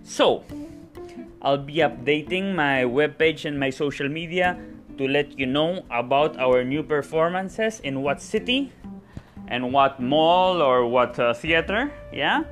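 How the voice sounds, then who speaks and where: A man's voice: fairly high pitch, animated, takes it slowly, fairly bright tone, faint music behind. A man, a stage actor, chatting casually to his viewers, often repeating words and ending phrases with a questioning "yeah?". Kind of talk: casual vlog chat.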